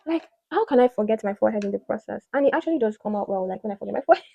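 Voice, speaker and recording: A woman's voice: mid-range voice, lively intonation, very fast, gravelly, mellow, lo-fi sound. A woman beauty vlogger chatting casually while doing her makeup, rambling with lots of "like" fillers and playful asides.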